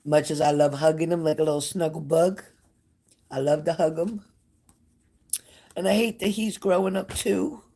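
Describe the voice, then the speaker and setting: A woman's voice: low voice, fairly even intonation, normal speed, long pauses, dark tone, breathy edge. An older woman hosting a live stream as a psychic reader, talking casually and emotionally to her viewers, scattered and chatty.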